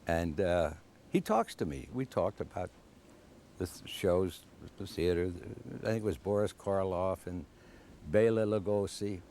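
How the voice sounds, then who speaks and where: An older man, an actor, telling a rambling, halting, self-mocking anecdote. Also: sits low, animated, darkish tone, a little hiss or hum. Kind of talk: casual storytelling.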